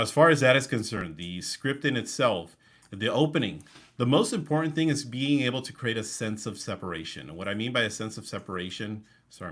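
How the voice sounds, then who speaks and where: A man running a live online coaching session over a video call, talking with high energy and breaking it up with deliberate pauses and changes of pace. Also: fairly bright tone, slightly rough. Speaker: real estate coach.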